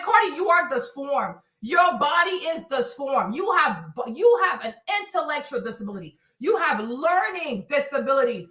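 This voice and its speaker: A woman hosts a casual gossip stream, her voice high and sweeping all over the place. She talks loudly and dramatically, breaking into shrieks, laughter and Spanish phrases. She sits off from the mic in an echoey room. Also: far from the mic. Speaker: livestream host.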